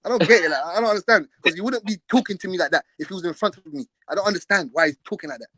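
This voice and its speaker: A man's voice: high-pitched, very fast, fairly bright tone, no room sound. A young man, hosting a live stream and trading brash, profane trash talk in a heated argument.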